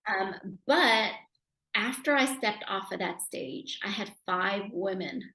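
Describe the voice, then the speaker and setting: A woman guest talks through her journey as a speaker and author in a relaxed interview. Her telling is animated and emotional, and it climbs in volume when she reaches the moments that moved her. The recording has a noticeable roomy echo. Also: slow. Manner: animated, emotional, rising loudly at high points. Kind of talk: conversational interview storytelling.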